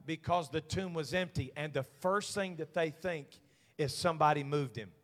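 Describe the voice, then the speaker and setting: A male senior pastor preaching a Pentecostal sermon in a church. He moves from hushed storytelling to shouted, rhythmic preaching. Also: fairly high pitch, normal speed. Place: church sanctuary.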